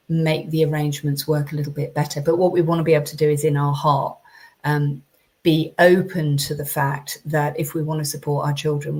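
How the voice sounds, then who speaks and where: Low-voiced woman parenting coach. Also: darkish tone. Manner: conversational, chatty, frequent ums and restarts. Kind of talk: live-streamed advice talk.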